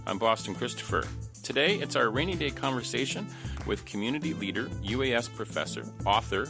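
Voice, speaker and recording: A man hosting a public radio show, introducing a guest in a measured announcer style. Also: medium pitch, expressive, vocal fry. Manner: formal, measured announcer delivery. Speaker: radio host. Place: radio studio. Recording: music playing under the voice.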